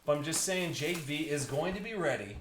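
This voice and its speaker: A man's voice: on the high side, lively intonation, a little fast, reverberant, very noisy. A young man hosting a live card break, joking and riffing with viewers by name as he opens packs.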